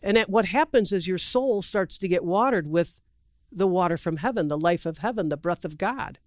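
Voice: medium pitch, normal speed, dry recording, clean studio sound. A preacher giving a sermon in a loose, rambling way, acting out quotes with big swings in the voice and asking the audience questions. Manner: asks the audience questions directly; loose, rambling delivery with restarts and asides.

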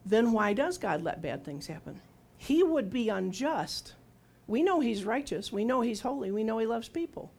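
A woman in her sixties preaches a sermon in a conversational testimony style, her voice on the high side, sing-song and a little mellow at a normal speed. She poses questions to her listeners and acts out quoted lines, both her own words and God's.

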